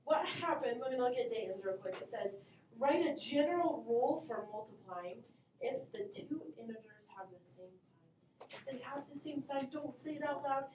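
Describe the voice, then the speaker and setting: Here a woman with a bright, high voice leads a math lesson, calling on students with lively intonation at a moderate pace, upbeat and encouraging. Her voice echoes around the room from a distance, over a faint murmur from the class and slight hiss or hum.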